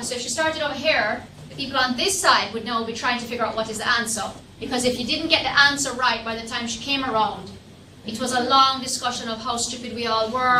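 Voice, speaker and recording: A Jamaican woman lecturer leading a class discussion and telling animated stories about her school days. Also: fairly high pitch. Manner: animated storyteller, lively when retelling scenes. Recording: echoey classroom, distant mic, noisy.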